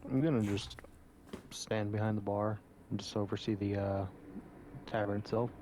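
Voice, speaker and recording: A man's voice: on the low side, flat delivery, moderate pace, mellow, slight background noise. A man taking part as a player in a tabletop game, talking casually and laid-back.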